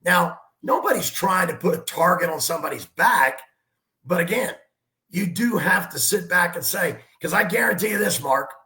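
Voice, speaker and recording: High gravelly guy, coach telling a story, punchy and animated, bit echoey room. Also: moderate pace. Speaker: basketball coach guest. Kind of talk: storytelling sports talk.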